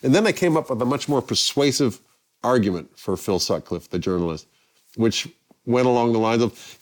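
An older man from England, a guest telling anecdotes in a lively way and acting out the people he quotes. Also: medium pitch, normal speed. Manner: lively, acts out quoted voices. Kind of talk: anecdotal storytelling.

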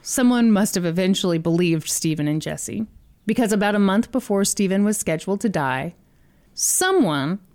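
A woman's voice: mid-range voice, lively intonation, normal speed, a little mellow. A woman podcast host telling a story in a casual, chatty way, laughing between lines.

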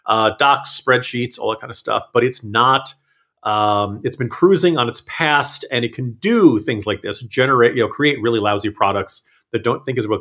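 A man's voice: medium pitch, fairly bright tone. A man on a podcast panel chatting casually, often restarting and correcting himself mid-sentence. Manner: rambling, frequent self-corrections.

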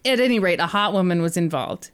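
A woman's voice: lowish voice, expressive, quick pace, smooth. A woman hosting a podcast, telling a story in a casual, jokey way with casual swearing.

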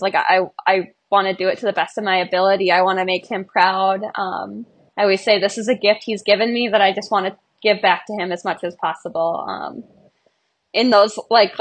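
A young woman, a marathon runner, speaking as a podcast guest in an earnest, emotional, bubbly way. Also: medium pitch. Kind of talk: podcast interview.

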